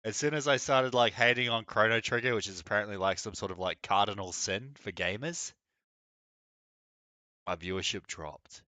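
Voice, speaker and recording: A man's voice: lowish voice, normal speed, bright, forceful tone, no echo. A young man chatting casually on a live gaming stream, blunt, opinionated and mocking. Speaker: game streamer.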